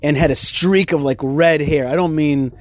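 A man hosting a podcast, telling stories in a lively, animated way with many restarts. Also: a little high, normal speed, no room sound. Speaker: host. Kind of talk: casual podcast conversation.

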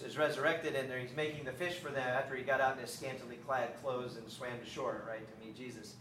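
A middle-aged man giving a sermon, telling stories lively and then turning quiet and reflective. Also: mid-range voice, noisy background. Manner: animated storytelling, acting out scripture dialogue. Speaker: speaker on faith and parenting. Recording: roomy echo, mic at a distance.

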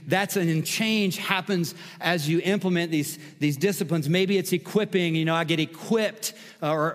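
A man's voice: a little high, big-room sound. A man preaching a sermon as pastor, emphatic and repetitive, building intensity through lists of words.

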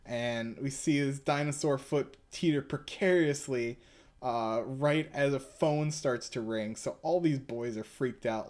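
A man's voice: mid-range voice, a little mellow. Young male podcast co-host, casual, rambling, filler-heavy. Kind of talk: casual chat and reading a manga aloud.

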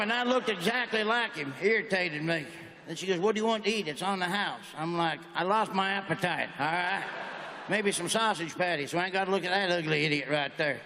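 A middle-aged stand-up comedian with a Southern American drawl and a bright, high voice. He tells stories and acts out the people in them. He is heard on stage in a large hall with a long reverb and a faint hum behind. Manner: drawling storyteller, acts out characters. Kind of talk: stand-up routine.

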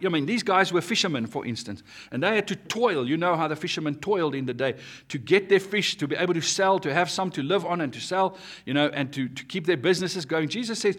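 A man preaching an earnest sermon, rising and dropping in pitch and volume as he makes his points. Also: a bit bright. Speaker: pastor.

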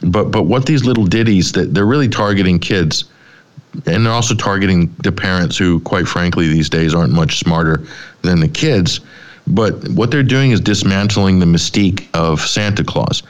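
Low-voiced middle-aged male host, sardonic and rambling, opinion commentary. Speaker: talk show host.

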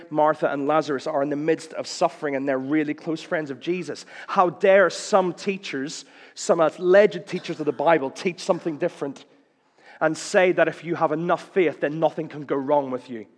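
Impassioned male preacher in echoing hall. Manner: impassioned, acts out quoted cries with rising pitch. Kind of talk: sermon.

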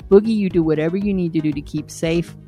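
A woman with a lowish voice co-hosts a podcast and reads listener messages aloud on the air. She reads in a wry, easygoing way and often breaks into laughs. Soft music sits underneath. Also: fast talker. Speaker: podcast co-host.

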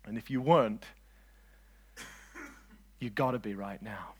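A man preaching a lively sermon, swinging between loud declarations and quiet asides and joking with his listeners. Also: mid-range voice, normal speed, pauses often, breathy edge. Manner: jokes with the audience.

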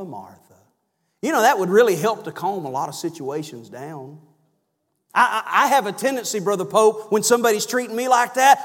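A preacher with a high voice delivers a sermon in a church, and long reverb trails his words. He swings between loud, emphatic cries and low, soft asides. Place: church sanctuary.

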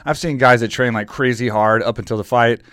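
A man's voice: medium pitch, steady tone, a little fast, fairly bright tone, clear, resonant tone, dry recording, clean studio sound. A man hosting a podcast, asking questions in a chatty way and often repeating words as he goes. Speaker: podcast host. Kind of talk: casual interview with ad read.

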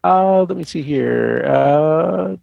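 A man's voice: on the high side, takes it slowly, gravelly, dry recording, narrow, tinny audio. A man co-hosting a casual chat, reading out a listener's message with small stumbles and chuckles. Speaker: co-host.

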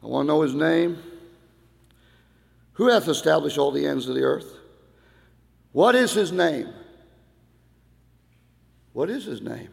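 A middle-aged man, a pastor, preaching an old-time Baptist sermon in a church, going from quiet talk to loud shouted passages. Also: a little high, lively intonation, unhurried, gravelly, pauses often. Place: church hall. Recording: long hall reverb.

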